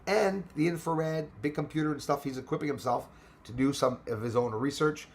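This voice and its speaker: With a slightly high voice and a fairly quick pace, this man hosts a casual space channel livestream, and there's slight background noise. His Quebec French accent comes through as he chats with viewers, curses freely, and switches languages between English and French.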